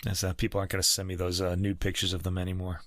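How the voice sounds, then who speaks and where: A man's voice: low-pitched, completely flat delivery, very fast, a bit bright, dry recording, clean studio sound. A man in his fifties co-hosting a music podcast, chatting casually with lots of restarts and chuckles. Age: 50s. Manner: rambling, self-correcting, chuckling. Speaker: podcast co-host. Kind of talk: casual chat about classical music.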